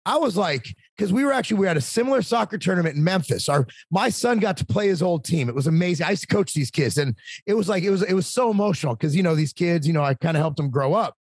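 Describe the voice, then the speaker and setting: A talkative man in his forties, a podcast guest, telling animated, casual stories about parenting and sometimes swearing. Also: high-pitched, fast talker, slightly rough, no room sound. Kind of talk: casual storytelling.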